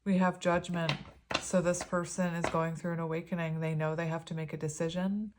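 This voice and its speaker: A woman's voice: fairly low pitch, little pitch movement, a little fast, slight background noise. Chatty woman doing a tarot reading. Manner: chatty, gushing, lots of "um"s and restarts. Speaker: tarot reader. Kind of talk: pick-a-card tarot reading.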